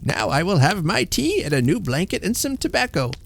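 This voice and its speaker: A man's voice: sits high, sing-song, brisk, gravelly, pitched above the performer's own voice, exaggerated voice. Man doing a shrieking, cranky old husband. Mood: querulous. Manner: querulous, shrieking.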